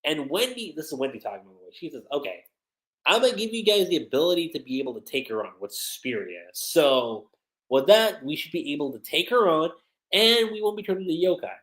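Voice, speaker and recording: A man's voice: a little high, very animated, a little fast, a bit bright, rough recording. A man giving a casual livestream review of an anime episode, retelling scenes and quoting the characters.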